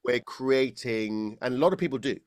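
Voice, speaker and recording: A British man, a voice coach, explaining technique in a relaxed interview, often laughing and restarting his sentences. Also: mid-range voice, moderate pace, dry recording, studio quality. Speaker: voice coach guest.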